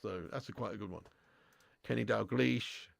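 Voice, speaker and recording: A man's voice: on the low side, normal speed, vocal fry, no room sound. A young man hosting a live football watch-along, bantering with his chat, swearing and laughing often.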